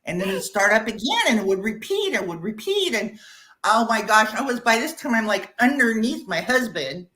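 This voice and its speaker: A middle-aged woman guest telling a personal ghost story in casual chat, animated and quick to laugh. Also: low-quality recording. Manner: animated, laughs often, drops low for quoted voices. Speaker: guest caller.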